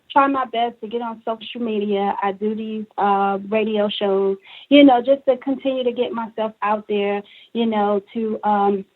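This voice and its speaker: Animated woman telling her story by phone. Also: a little high. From Brooklyn, New York. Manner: animated, emotional storytelling with acted-out quotes. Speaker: guest author. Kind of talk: interview on a call-in talk show. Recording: tinny phone line.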